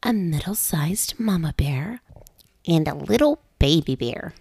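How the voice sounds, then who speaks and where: A woman, a mother, reading a children's storybook aloud with a gentle, lively storytelling cadence, close and dry. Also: deep voice, unhurried, gravelly, breathy edge, dry recording.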